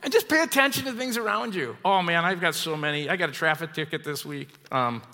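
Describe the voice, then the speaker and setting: Pastor guy telling a story in his sermon, bright voice, fairly high, lots of hall echo. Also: brisk. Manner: storytelling, chuckling, animated. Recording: long hall reverb.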